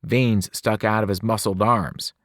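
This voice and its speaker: A man, a teacher, reading a novel aloud with expressive narration. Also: on the low side, a little slow, no room sound, clean studio sound. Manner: expressive, voices the characters. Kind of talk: audiobook narration.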